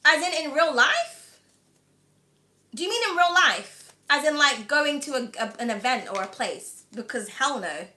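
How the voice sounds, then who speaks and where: A woman's voice: high voice, animated, a little slow, bright, forceful tone. Chatty British woman, slightly whiny. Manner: chatty and rambling, full of "like" and "um", laughs often. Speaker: tarot reader. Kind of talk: live-stream tarot reading and chat.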